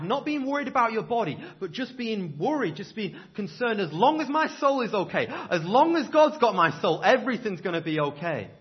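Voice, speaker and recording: A man preaching a sermon in a church, impassioned, swinging from loud to hushed delivery. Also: high-pitched, highs cut off. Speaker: pastor.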